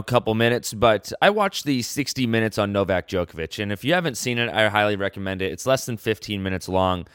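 A man's voice: on the low side, smooth, dry recording, studio quality. A man hosting a solo sports podcast, talking in a loose conversational way with frequent restarts. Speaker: podcast host.

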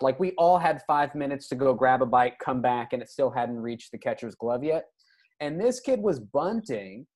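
A man telling a funny story in casual podcast chat, acting out the people in it. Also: a little high. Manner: animated, acts out quoted voices.

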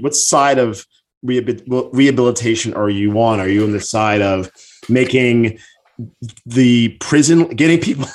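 A man hosting a podcast interview, asking long rambling questions with jokes. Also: medium pitch. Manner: rambling, joking. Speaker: podcast host.

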